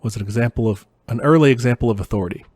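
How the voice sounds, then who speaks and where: A man's voice: medium pitch, racing, no echo, clean studio sound. A man co-hosting a podcast, casually recapping a film's plot with lots of "uh" and "you know". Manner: relaxed plot recapping with many fillers. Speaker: podcast co-host. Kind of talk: casual film discussion.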